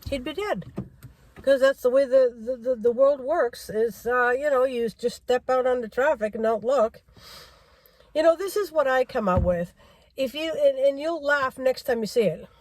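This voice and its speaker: A woman's voice: high-pitched, normal speed, dry recording. A middle-aged woman vlogger in a car, giving a rambling driving-safety rant and repeating herself for emphasis.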